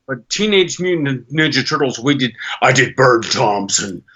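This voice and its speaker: Bright-voiced older voice actor. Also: male voice, mid-range voice, normal speed, breathy edge, highs cut off. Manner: animated storyteller who slips into character voices. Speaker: voice actor guest. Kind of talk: podcast interview.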